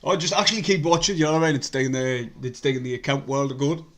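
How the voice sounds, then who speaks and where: Young guy doing a live match stream, swears a lot, goes quiet and mumbly then suddenly loud. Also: medium pitch, fast. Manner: blunt and sweary, mutters and sighs between excited bursts. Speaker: fan livestream host. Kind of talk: casual live match commentary.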